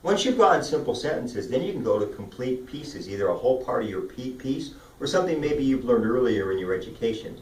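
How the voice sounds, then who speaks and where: A man coaching speech and debate students, upbeat and demonstrative as he walks through vocal warm-up drills. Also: mid-range voice, sing-song, brisk, few pauses. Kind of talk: instructional talk. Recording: roomy sound from a distant mic.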